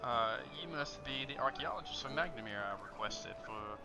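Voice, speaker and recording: A man voicing a calm, amused nobleman who chuckles and talks in an unhurried, soothing way, over online voice chat with music behind. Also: mid-range voice, close to an everyday voice.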